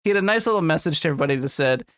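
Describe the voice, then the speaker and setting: A man's voice: a little high, lively intonation, very fast, a bit bright, no echo, studio quality. A man co-hosting a podcast in casual chat, rambling and joking crudely, laughing often. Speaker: podcast co-host.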